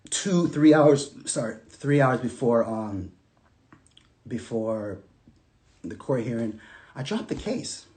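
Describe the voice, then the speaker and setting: A man telling his own story to camera in casual storytelling, animated, with loose slang, swinging from loud outbursts to quiet murmurs. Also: mid-range voice. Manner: loose slang, many restarts and fillers.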